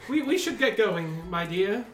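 Man playing a condescending noble male elf, snooty and dismissive, slightly high voice, echoey room, faint music. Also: very animated, unhurried, fairly bright tone, heavily acted. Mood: haughty.

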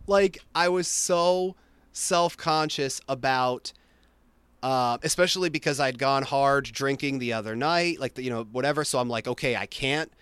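Smooth-voiced young man telling a story. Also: medium pitch, normal speed, no room sound. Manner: animated, lots of fillers and restarts. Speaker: storyteller in a conversation. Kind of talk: casual chat, telling an anecdote.

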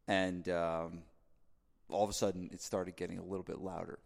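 A podcast host, a man from New Jersey, chatting casually, with fillers and restarts throughout. His voice sits a bit low with a gravelly edge. The room leaves a long reverb tail behind his words. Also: a little fast. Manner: rambling, filler-heavy, animated when making a point. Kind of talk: casual storytelling chat.

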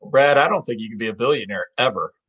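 A man's voice: medium pitch, lively intonation, fast talker, fairly bright tone, slightly rough. Joking male interview host. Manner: friendly, joking, short replies. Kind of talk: interview, casual chat.

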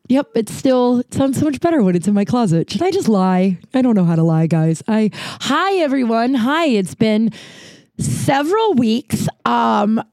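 A woman hosting a podcast in casual solo chat, rambling and swearing freely, her voice slightly hoarse and congested, talking from a corner of her apartment. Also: a little high, darkish tone, dry recording, studio quality. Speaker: podcast host.

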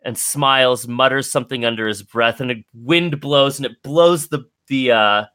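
A man narrating a tabletop game as game master, relaxed and descriptive with frequent ums. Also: mid-range voice, moderate pace, clean tone, dry recording.

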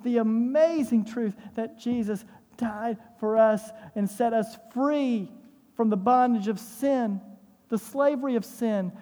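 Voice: medium pitch, mellow, big-room sound. A pastor preaching a sermon in a church, emphatic, with rhetorical questions and repeated phrases.

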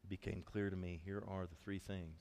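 Male pastor, lower voice, animated conversational sermon, church hall reverb. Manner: storytelling, animated and conversational, quick asides.

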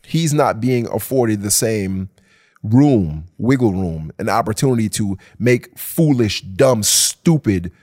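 A man's voice: lowish voice, takes it slowly. A man co-hosting a casual podcast, talking emphatically and swearing freely. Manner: animated, emphatic, swears, acts out quoted voices. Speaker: podcast co-host.

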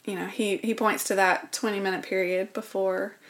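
A woman with a mid-range voice speaks at a normal pace in an even tone. She's a guest in an interview, sharing a personal story earnestly and reflectively, her voice sinking to a whisper at the painful parts.

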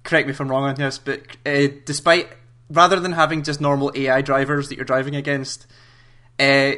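A man hosting a casual gaming podcast, relaxed, swearing offhand and steering the conversation. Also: medium pitch, brisk. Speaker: podcast host.

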